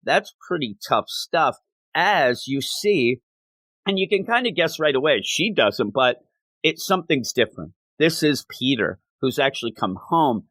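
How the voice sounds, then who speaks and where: Guy recapping a comic on his podcast, chatty, medium-pitched, close dry mic. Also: lively intonation, unhurried, a bit bright, no room sound. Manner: conversational, recapping and quoting dialogue. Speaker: podcast host. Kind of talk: casual comic book review.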